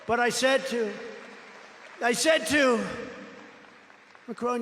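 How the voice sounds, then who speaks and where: A man's voice: very high-pitched, slow, pauses often, a bit bright, big-room sound. A man giving an off-the-cuff political rally speech, boastful and repetitive, telling rambling stories in a large indoor venue. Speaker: political speaker.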